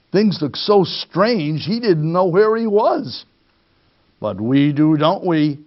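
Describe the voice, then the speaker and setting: Male storytime reader, slow and expressive, gravelly, dull lo-fi recording. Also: a little high. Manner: expressive, addresses young listeners. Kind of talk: children's read-aloud.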